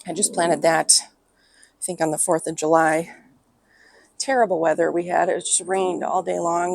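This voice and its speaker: A woman's voice: fairly low pitch, gravelly, a little mellow, husky, no echo. A woman with an Upper Midwest American accent gives a casual walking tour of her outdoor patio garden, filming on a handheld phone and muttering asides under her breath. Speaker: garden vlogger.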